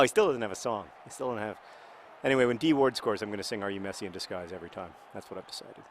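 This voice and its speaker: A man's voice: on the low side, fast talker, no echo. A man casually talking while playing a video game, rambling with many fillers and restarts. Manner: bursts into loud excited yelling at the game. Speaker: author and video game player.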